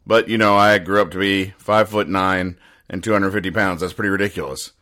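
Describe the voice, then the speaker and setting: A man's voice: sits low, fairly even intonation, a little fast, sharp tone. A man reading out a glum, self-pitying middle-aged comic-strip character with a weary, sighing delivery.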